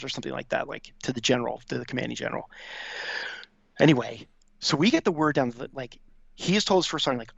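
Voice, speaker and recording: This fifty-something veteran guesting on a podcast speaks quickly at a medium pitch, his voice creaky with a breathy edge. He tells a casual, crude anecdote, mimicking the people he quotes, on dry, slightly dull audio with no room sound.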